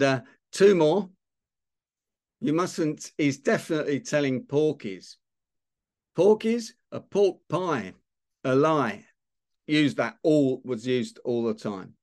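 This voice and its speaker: An older man from London with a Cockney accent, hosting a casual online chat and quizzing his audience on slang in a playful, chatty way. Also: mid-range voice. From London, England. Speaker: host of an online talk session.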